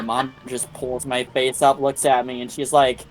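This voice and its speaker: A man's voice: a little high, moderate pace, hardly any pauses. A man streaming a game, telling a long anecdote in casual chat, with lots of swearing and voices for the people in his story. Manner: profane, animated anecdote-telling with quoted voices. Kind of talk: casual storytelling while gaming.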